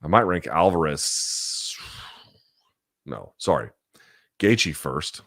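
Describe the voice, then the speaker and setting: A man's voice: rumbling low, big pitch swings, takes it slowly, fairly bright tone, dry recording, clean studio sound. A man in his forties hosting a live chat show, reading out viewer questions and answering bluntly, with casual profanity and a habit of thinking aloud. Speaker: host.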